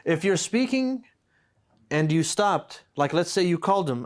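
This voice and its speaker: A man with a slightly high voice teaches a classroom grammar lesson. He moves patiently through example after example, stopping now and then to make sure his students are following. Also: sing-song, unhurried, pauses often. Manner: patient, explains with repeated examples and checks "right?". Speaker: Arabic teacher.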